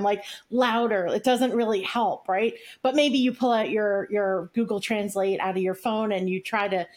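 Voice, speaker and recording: A woman speaks as a relationship coach with a voice pitched a little high. She teaches in emphatic, repeated phrases and drives each point home to her listeners. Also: darkish tone. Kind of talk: coaching session talk.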